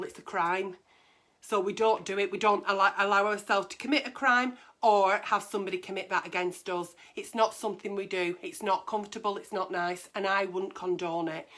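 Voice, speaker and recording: A woman's voice: mid-range voice, a bit bright. A woman, hosting a casual advice chat in a blunt, brash and sweary way. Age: 40s. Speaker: agony aunt host.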